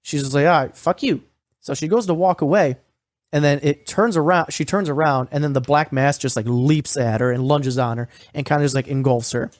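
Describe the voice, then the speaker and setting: A man's voice: on the high side, a little fast, no room sound. A man co-hosting a podcast, recapping a horror series in casual, profane, rambling talk full of fillers. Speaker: podcast co-host.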